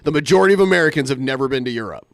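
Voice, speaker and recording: A man hosting a casual podcast chat, matter-of-fact and quick with asides. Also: mid-range voice, lively intonation, no echo, clean studio sound. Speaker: podcast host.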